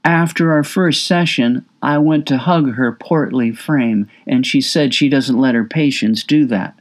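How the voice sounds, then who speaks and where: A man's voice: mid-range voice, unhurried. A man narrating his own memoir as an audiobook, intimate and confessional, with raw emotion in his quoted words.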